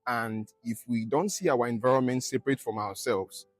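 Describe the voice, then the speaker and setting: A man, a climate activist, answering in a halting way with many pauses to search for words. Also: medium pitch, no echo, soft background music. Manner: halting, many ums and restarts. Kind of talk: interview answer.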